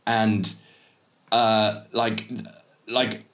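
A man's voice: fairly low pitch, level tone, very slow, a bit bright. Rambling male podcast co-host, echoey room. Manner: rambling, self-interrupting, laughs often. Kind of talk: casual chat.

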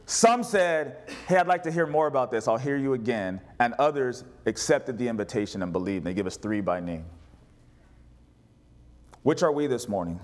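A man's voice: mid-range voice, expressive, moderate pace. A male pastor preaching a sermon, reading scripture aloud and putting questions to his congregation.

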